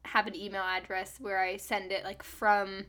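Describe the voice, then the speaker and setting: A woman's voice: mid-range voice, level tone, moderate pace, sharp tone. A young woman musician co-hosting a podcast in casual chat, talking with many fillers and restarts and laughing often.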